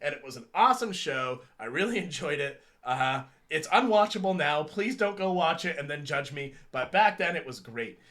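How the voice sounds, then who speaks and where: A man in his thirties co-hosts a casual chat show, rambling, joking and laughing often. His voice is fairly high and a bit bright, animated, at a moderate pace with hardly any pauses.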